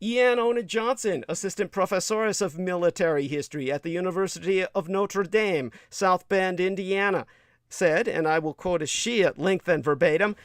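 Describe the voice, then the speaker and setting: A man's voice: sits high, a bit bright, clean tone, no room sound, studio quality. A man hosting a livestream, reading quotes aloud and breaking into profane, scornful rants. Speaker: livestream host.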